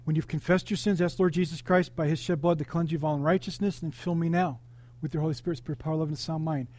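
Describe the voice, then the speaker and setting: A male pastor delivering an animated sermon, calling out questions to the congregation and telling personal stories. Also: a little high, fast. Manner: animated, interactive preaching with congregation call-outs.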